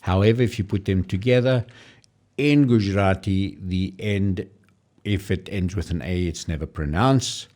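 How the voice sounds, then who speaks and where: A man presenting a casual screen-share language tutorial, explaining and slowly demonstrating how foreign words are pronounced. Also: deep voice, darkish tone. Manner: explanatory, pausing to demonstrate pronunciations.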